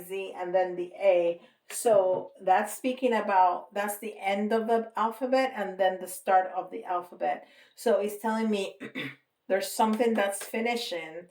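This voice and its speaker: A woman giving a casual tarot reading to viewers, slow and reassuring, with frequent light laughter. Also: medium pitch, creaky, darkish tone. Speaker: tarot reader. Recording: roomy, from a distance.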